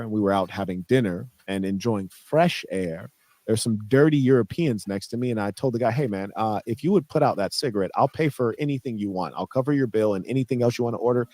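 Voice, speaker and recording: A man's voice: fairly low pitch, darkish tone, dry recording. A man in a clipped monologue, boastful and condescending toward commenters. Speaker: online personality in a clipped video.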